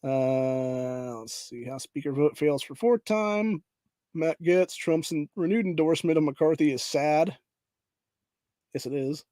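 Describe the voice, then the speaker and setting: A man's voice: a little high, a little slow, dark tone, no echo. A man hosting a political podcast, ranting angrily and profanely, often saying "dude", and reading headlines aloud. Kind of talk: angry political rant.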